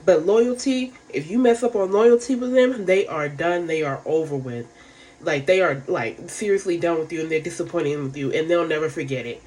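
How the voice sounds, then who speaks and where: A woman's voice: low-pitched, moderate pace, a little mellow. A woman giving a casual, rambling recap of a reality show, frank and profane, full of fillers.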